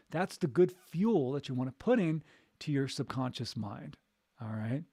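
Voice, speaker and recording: A man's voice: on the high side, darkish tone, no echo, clean studio sound. A man who works as a voice coach, giving an upbeat, encouraging live talk and repeating his key points. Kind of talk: live motivational chat.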